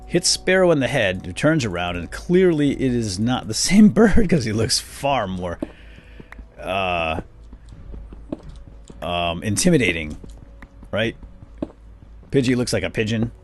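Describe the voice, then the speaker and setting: A man's voice: lowish voice, very animated, a little slow, long pauses, slight background noise. A man casually recapping a cartoon while playing a game, rambling with many fillers and chuckles.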